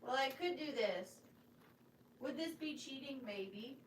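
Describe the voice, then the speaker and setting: A woman's voice: high voice, lively intonation, unhurried, a little hiss or hum. A woman hosting a live online sale, chatting casually with viewers in a giggly, joking way. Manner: chatty and giggly, jokey asides.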